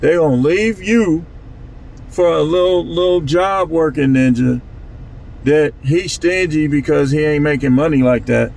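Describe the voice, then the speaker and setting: A man's voice: a little high, unhurried, vocal fry, a little mellow, slight background noise, rough recording. A man talking casually to his channel in a loose, repetitive street-talk way. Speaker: channel host. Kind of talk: casual monologue vlog.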